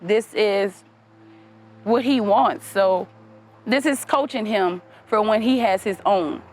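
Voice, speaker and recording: A woman, a mother and community gardener, talking in a documentary interview in a chatty, lively way. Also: mid-range voice, takes it slowly.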